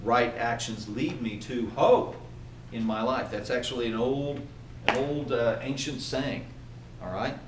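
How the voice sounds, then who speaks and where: A man giving a motivational training talk to a group, animated and often asking his listeners questions. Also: mid-range voice, measured pace, noisy background. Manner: animated, asks the audience questions. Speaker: workplace trainer. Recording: echoey room from far off.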